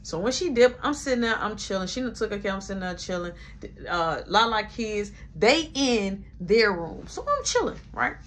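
A young woman tells a casual storytime, keeping a middle pitch. She animates every quoted line as she goes. A faint room hum sits under her voice. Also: sing-song, moderate pace, few pauses, a bit bright. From Chicago, USA. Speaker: storyteller vlogger.

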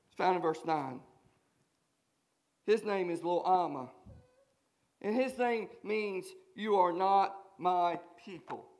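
Southern man preaching in church, folksy humor, builds to shouts, voice pitched very high. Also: slow, pauses often. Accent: Southern American. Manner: swings from quiet asides to shouted emphasis; folksy, joking. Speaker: guest preacher. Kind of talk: sermon. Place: church sanctuary.

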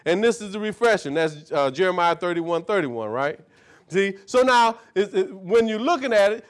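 A man's voice: sits high, animated, normal speed. A man preaching live to a small group. He teaches from scripture in a folksy way, keeps checking in with "see?" and "right?", and repeats key words in rhythmic runs. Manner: leads a reader through verses, echoing each phrase.

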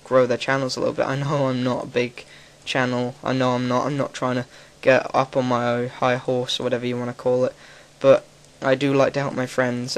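A young man with an English accent, talking frankly and rambling as a gaming commentator. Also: medium pitch. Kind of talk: casual gaming commentary monologue.

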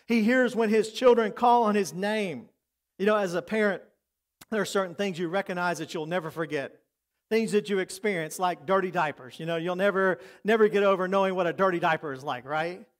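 Мужчина средних лет, пастор, читает проповедь искренне, временами переходит на тихий, доверительный тон. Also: male voice, high-pitched, brisk. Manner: earnest, preacherly, drops to soft intimate tones for emphasis. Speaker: pastor. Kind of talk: sermon.

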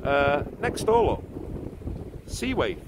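A man's voice: a little high, huge pitch swings, slow pace, noisy background. A man, vlogging casually outdoors in the rain, chatty and jokey with laughing asides. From England. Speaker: food vlogger. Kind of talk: casual vlog talking to camera.

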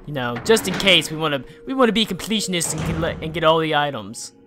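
A let's play gamer swearing and shouting at enemies while commenting on the game to the viewer. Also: medium pitch, quick pace, background noise. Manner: profane, excitable, yells at enemies on screen; talks to the viewer while playing. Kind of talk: casual gameplay commentary.

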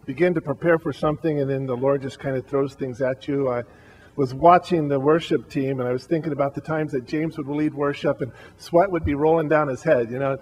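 A man speaking as a pastor at a memorial service, giving a heartfelt eulogy with frequent halting restarts. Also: medium pitch, fairly even intonation, a little mellow, low-quality recording.

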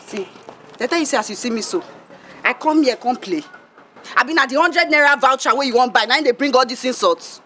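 A woman with a Nigerian accent playing a young recharge card seller who is quick to take offence. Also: high voice, a bit bright, a little hiss or hum. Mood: sassy. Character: young female card seller, sassy and touchy. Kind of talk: Nollywood film acting.

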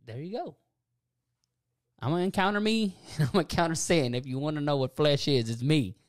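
A young man talking casually about faith and self-forgiveness on a podcast, animated and preachy, laughing often. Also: a little high, a little fast, no room sound, clean studio sound. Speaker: podcast co-host.

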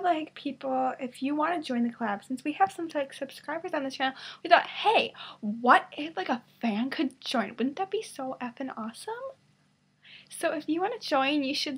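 A woman talking casually to her webcam from her bedroom, rambling with lots of fillers and sometimes dropping to a whisper. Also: high-pitched. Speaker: vlogger in a collab channel.

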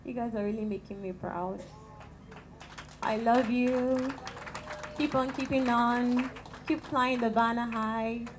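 Nigerian woman with a small soft voice. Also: on the high side, takes it slowly, long pauses, background noise. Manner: calm and gentle, chatty with light laughs. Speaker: guest speaker at a women's church fellowship. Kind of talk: prayer and talk to a church gathering. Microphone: handheld microphone.

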